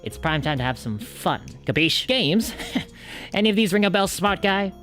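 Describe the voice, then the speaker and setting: A man's voice: high voice, expressive, moderate pace, fairly bright tone, faint music behind, voice pushed up. A man putting on a tough mafia boss. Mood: gruff, bossy. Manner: streetwise gangster patter, bossy. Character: tough-talking male mafia boss, gruff but wholesome. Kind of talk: scripted promo skit.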